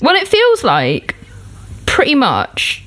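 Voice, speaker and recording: A young woman chatting as a podcast guest, self-mocking and quick to laugh. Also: high-pitched, huge pitch swings, a bit bright. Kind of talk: casual chat.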